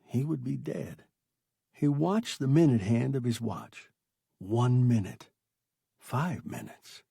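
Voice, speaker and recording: A man narrating a science fiction story in a dramatic, expressive audiobook reading. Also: mid-range voice, takes it slowly, vocal fry, slightly rough, dry recording, studio quality.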